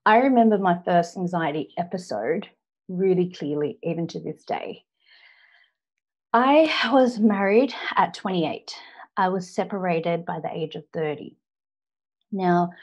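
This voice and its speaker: An Australian woman in her thirties giving an earnest personal story speech, often pausing on "now" to set up the next part. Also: fairly low pitch, a little mellow. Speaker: public speaker.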